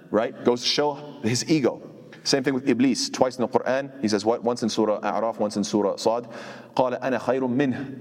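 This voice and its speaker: A man's voice: mid-range voice, darkish tone, big-room sound. A man giving a Quran commentary lesson, reciting Arabic verses and then explaining them in English, often repeating himself and restarting phrases. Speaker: Quran teacher. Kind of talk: tafsir lecture.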